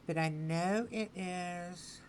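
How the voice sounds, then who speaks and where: A woman giving a spoken tarot reading, repeating her phrases slowly and with emphasis. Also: lowish voice, a little mellow, a little hiss or hum, rough recording. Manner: slow, repetitive, affirming phrasing. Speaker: tarot reader.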